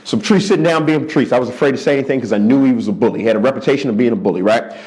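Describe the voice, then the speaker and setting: Man, around 40, from Philadelphia area, stand-up comedian, animated storytelling, repeats for emphasis, studio interview. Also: very fast. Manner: animated, repeats for emphasis, jumps into high-pitched voices for quoted people. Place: studio under hot lights.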